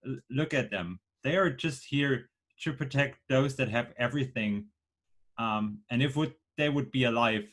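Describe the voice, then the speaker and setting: A man's voice: medium pitch, fairly bright tone. A man speaking in character as a blunt wanderer in a tabletop game, hesitant and full of fillers. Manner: hesitant, thinking aloud with fillers.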